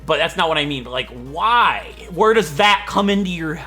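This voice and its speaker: Young male let's-play host, bright lively voice, rambling jokes. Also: on the high side, moderate pace. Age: 20s. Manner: rambling, joking, laughs a lot. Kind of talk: gameplay commentary.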